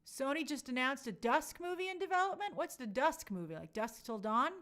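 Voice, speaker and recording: A woman's voice: high voice, lively intonation, fairly quick, a bit bright. A woman hosting a casual live stream, reading viewer comments aloud and reacting in an upbeat, chatty way. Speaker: livestream host reading chat.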